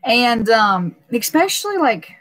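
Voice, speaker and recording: A woman's voice: fairly high pitch, very animated, a little slow, a bit bright. A woman hosting a casual live stream, rambling and emotional, laughing often and filling gaps with "uh" and "um".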